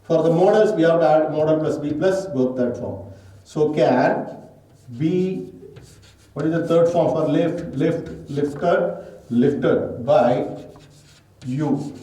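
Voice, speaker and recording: A man with an Indian English accent teaches grammar, walking through each step and putting questions to the class before answering them himself. His voice is fairly high for a man and mellow in tone. He is recorded from a distance in a room with heavy echo. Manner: explains step by step, asks and answers own questions. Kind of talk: grammar lesson. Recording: echoey room, distant mic.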